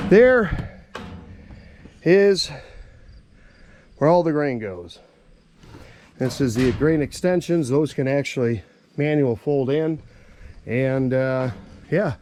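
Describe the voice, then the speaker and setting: A man's voice: fairly high pitch, a little mellow, a little hiss or hum. Folksy auctioneer man talking on a farm. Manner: folksy, plainspoken, thinking aloud with fillers. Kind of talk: casual walkaround commentary. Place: outdoors on a farm, around machinery.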